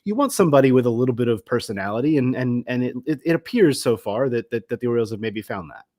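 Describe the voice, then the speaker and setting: A man's voice: medium pitch, lively intonation, fast talker, mellow. A man co-hosting a sports podcast, talking casually and often restarting his sentences. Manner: hesitant, many restarts and repeated words.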